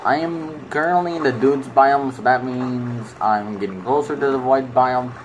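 A man's voice: medium pitch, moderate pace, dull audio, a little hiss or hum. A man giving casual commentary while playing a video game, rambling and talking fondly to the creatures on screen.

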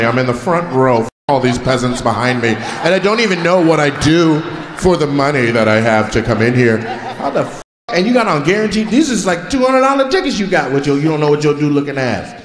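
Male stand-up, teasing crowd-work banter, high and swooping delivery, live echoey room. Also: brisk. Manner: teasing, animated banter with audience. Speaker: stand-up comedian. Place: large theater stage. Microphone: handheld stage mic. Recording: echoey live theater with noise. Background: audience laughter.

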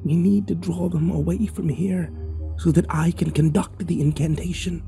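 Horror reading: man doing a quiet, slow, scheming woman, voice nudged higher. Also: steady tone, vocal fry, faint music behind. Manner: hushed, slow, deliberate. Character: urgent, secretive woman, a spellcaster ally. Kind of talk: horror story narration.

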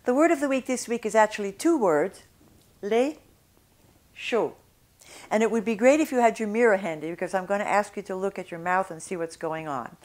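A woman teaching French pronunciation in a video lesson, explaining clearly and slowly modeling sounds. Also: medium pitch, darkish tone.

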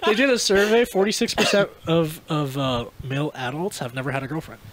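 A man's voice: fairly high pitch, fairly quick, a crowd in the background. A man in his twenties, a podcast co-host, telling a casual story with lots of laughter and acted-out dialogue. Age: 20s. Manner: animated, laughs often, acts out both sides of the dialogue.

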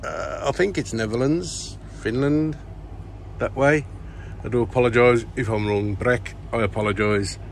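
A middle-aged man chatting casually in a vlog, rambling through shout-outs with lots of fillers and restarts. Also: mid-range voice, a little slow, vocal fry, a little hiss or hum. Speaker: plant grower vlogger. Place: indoor grow tent.

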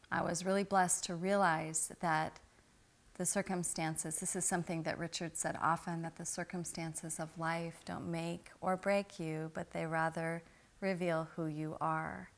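Middle-aged woman, interview guest, lowish voice, heartfelt reflective storytelling. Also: a little slow. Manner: earnest, spiritual, animated when telling stories.

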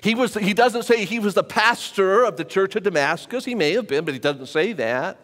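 A pastor preaching a sermon to a live congregation in a church, talking conversationally and repeating phrases for emphasis. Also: male voice, sits high, animated, moderate pace, fairly bright tone. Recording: long church reverb.

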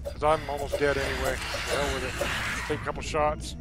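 A man giving casual, chatty gameplay commentary, thinking out loud and getting exasperated, with game music behind him. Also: mid-range voice, level tone, brisk, heavy background noise. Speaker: gaming YouTuber.

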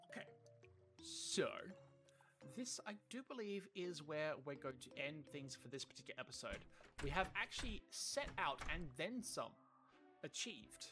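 A let's play host chatting casually and self-mockingly over gameplay, excitable and laughing often. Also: medium pitch, unhurried, faint music behind.

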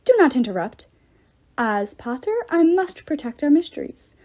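A woman's voice: sits high, lively intonation, moderate pace, a little mellow. A woman reading the part of a blustering old male ghost priest in commanding, indignant outbursts.

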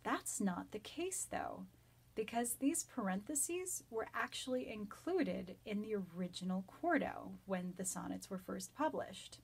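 A woman teaching a Shakespeare sonnet from home, reading verse lines slowly and then explaining them in an enthusiastic, nerdy, chatty way. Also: medium pitch, expressive, creaky, breathy edge. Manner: enthusiastic, self-described nerdy. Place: home during quarantine.

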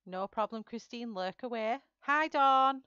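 A woman's voice: on the high side, a little slow, bright, forceful tone, clean tone, no echo, muffled recording. A woman hosting a live colouring stream, chatting and giggling as she greets viewers by name. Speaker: livestream host colouring live. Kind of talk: casual chat while colouring.

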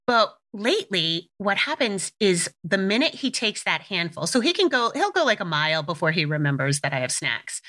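A middle-aged woman hosting a podcast, telling a story in an animated, casual way with laughs and the odd swear word. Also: lowish voice. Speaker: podcast host. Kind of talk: casual chat.

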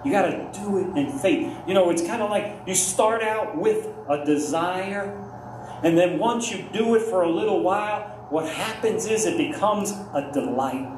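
A male pastor preaching a sermon slowly and earnestly, often dropping to soft murmurs and rising with feeling. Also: high-pitched. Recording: echoey room, mic at a distance, faint ambient noise.

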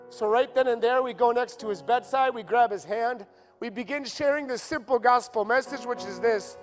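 A man preaching a sermon in a church, telling a personal story with deep emotion and building to impassioned pleading. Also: moderate pace, big-room sound, faint music behind.

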